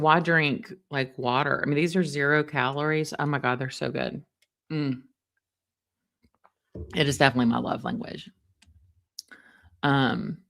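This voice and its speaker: A middle-aged woman, chatting casually with livestream viewers in an animated, storytelling way. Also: low-pitched, vocal fry. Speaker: livestream host recapping a trial. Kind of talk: casual chat with live viewers.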